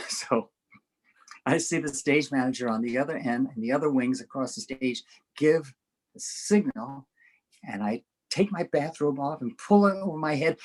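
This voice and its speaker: Older man telling a lively stage story. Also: on the high side, low-quality recording. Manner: animated storyteller, laughs often, acts out voices. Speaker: interview guest. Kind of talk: anecdotal storytelling.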